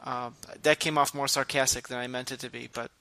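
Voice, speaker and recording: A man co-hosting a podcast in casual chat, low-key and exhausted, rambling and restarting his sentences. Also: steady tone, brisk, creaky, bright, forceful tone. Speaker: podcast co-host.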